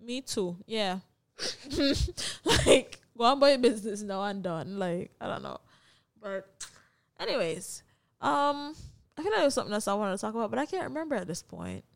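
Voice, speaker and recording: A woman's voice: mid-range voice, normal speed, creaky. A woman with a Jamaican accent, co-hosting a podcast and telling stories in loose, profane, laughing casual chat. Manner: animated storytelling, swearing freely, laughing often. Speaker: podcast co-host.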